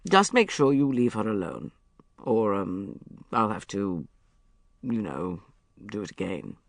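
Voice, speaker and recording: A polite, awkward gentleman, low and hesitant, full of ums, voiced by an audiobook narrator. The tone is gravelly and close, in a dry booth. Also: very animated, slow, no room sound, heavily acted.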